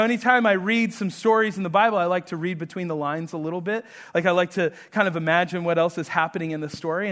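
High-voiced animated male preacher. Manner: animated, acts out quotes with rising pitch and volume. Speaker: pastor. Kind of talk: sermon.

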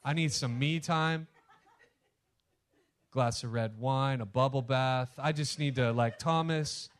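A man's voice: medium pitch, takes it slowly, pitched below the performer's own voice, natural voice. A man voicing a weary, stubborn male disciple who complains emphatically and refuses to believe.

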